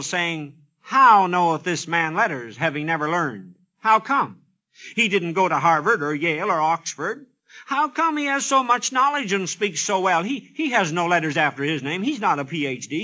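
Radio preacher, male, high and bright, dramatic and emphatic delivery. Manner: dramatic, acts out biblical dialogue; emphatic, repetitive questioning. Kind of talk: radio sermon.

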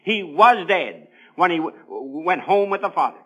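A man's voice: high-pitched, expressive, a little slow, fairly bright tone, slightly rough, poor audio. A man preaching a sermon on the radio, telling a Bible story with earnest, rising emphasis.

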